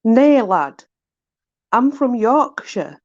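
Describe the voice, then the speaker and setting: A woman reading out the lines of a blunt, gruff Yorkshireman on a train, in a brusque tone. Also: on the high side, very animated, very slow, a little mellow, dry recording, muffled recording, full character voice.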